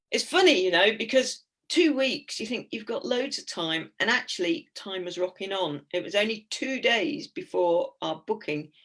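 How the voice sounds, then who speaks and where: A woman's voice: on the low side, a bit bright. An English woman in her fifties gives a chatty, giggly, anecdotal talk with slides as a guest speaker. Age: 50s.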